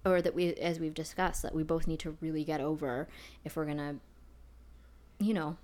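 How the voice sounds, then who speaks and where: A woman's voice: deep voice, fairly even intonation, moderate pace, a little mellow. Chatty, self-deprecating woman. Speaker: podcast co-host. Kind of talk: casual chat.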